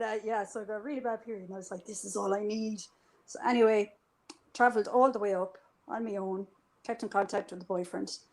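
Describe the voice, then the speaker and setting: A woman's voice: medium pitch, poor audio. A woman chatting casually as an interview guest, telling a story with lots of swearing and acting out what people said. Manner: animated, swears freely, acts out quoted dialogue. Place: live stream conversation.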